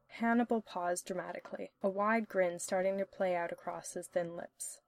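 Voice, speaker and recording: A woman narrating a story in an even, steady reading manner. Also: on the low side, normal speed, no echo. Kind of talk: audiobook-style story reading.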